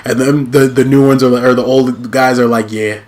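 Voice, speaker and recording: A man's voice: mid-range voice, little pitch movement, fairly quick, a little mellow. A man hosting a let's play, chatting casually with plenty of fillers and restarts. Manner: rambling, full of fillers and restarts. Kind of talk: casual gaming chat.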